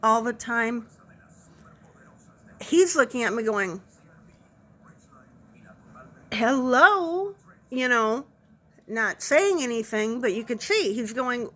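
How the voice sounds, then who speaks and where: A woman with a slightly high voice tells a funny story from her nursing job in a casual way. She is animated and pokes fun at herself as she goes. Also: slow pace, long pauses. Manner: animated anecdote, self-deprecating, laughs through it. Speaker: nurse.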